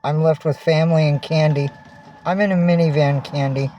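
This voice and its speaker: A woman livestreaming from inside a minivan, her talk full of swearing and raw anger at viewers. She turns to gentle baby talk whenever she speaks to her cats. A faint hiss of noise sits under her voice. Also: low-pitched, fairly even intonation, normal speed, highs cut off. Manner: angry profane ranting at viewers. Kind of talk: casual livestream chat.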